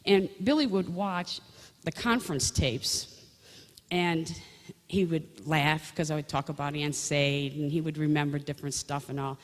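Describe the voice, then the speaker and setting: A woman's voice: deep voice, a little slow. A woman sharing a personal faith story in a conversational storytelling way, often restarting her sentences. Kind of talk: personal testimony talk. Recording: long reverb of a large hall.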